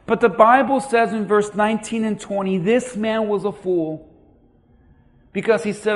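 A man in his thirties preaching a sermon as a pastor, swinging between hushed lines and loud peaks and acting out the people he quotes. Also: high-pitched, steady tone, moderate pace. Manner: preaching with dramatic swings in loudness and acted-out quotes.

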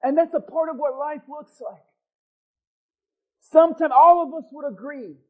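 A man preaching a sermon as pastor, swinging from loud, emphatic lines to hushed ones. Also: very high-pitched. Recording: thin phone-like sound.

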